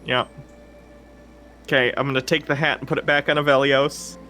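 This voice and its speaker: A man playing a tabletop game, excitable and planning aloud, swearing casually. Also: mid-range voice, normal speed. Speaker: player.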